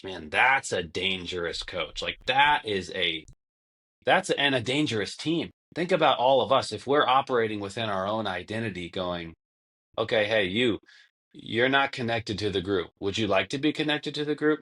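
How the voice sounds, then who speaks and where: Young man, low voice, podcast guest, rambling storyteller. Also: animated, moderate pace, sharp tone. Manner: long-winded storytelling, acts out quotes. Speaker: podcast guest, former basketball player. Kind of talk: casual conversation.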